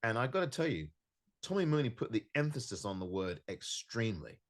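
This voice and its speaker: Emphatic podcast host, low lively voice. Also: male voice, fairly quick. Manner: frustrated, emphatic, repeats himself for stress. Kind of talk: solo podcast match review. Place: home recording in California.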